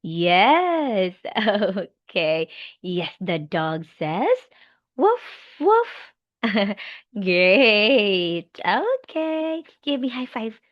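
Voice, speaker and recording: A woman teaching English to a young child in a demo lesson, slow, animated and encouraging, with animal sounds. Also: mid-range voice, no echo, highs cut off.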